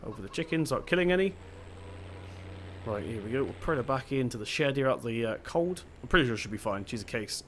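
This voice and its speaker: A man's voice: mid-range voice, lively intonation, fast, a little hiss or hum. A young man giving casual let's-play commentary as a gaming video host, chatty and rambling, often stopping to correct himself.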